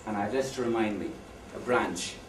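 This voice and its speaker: A man's voice: on the low side, a little fast. A man giving a talk on education to an audience, telling jokes and asking listeners questions. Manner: anecdotal, jokey, asks the audience questions. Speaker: conference speaker. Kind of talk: lecture to an audience. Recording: echoey hall, far from mic, faint noise.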